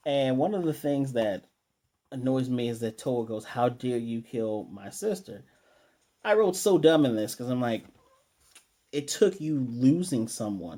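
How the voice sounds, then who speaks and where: A man with a mellow, slightly husky voice runs through an anime episode in a loose, conversational way. He paraphrases the characters' lines and stumbles over restarts as he goes. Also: medium pitch. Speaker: anime reviewer. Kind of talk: casual episode recap.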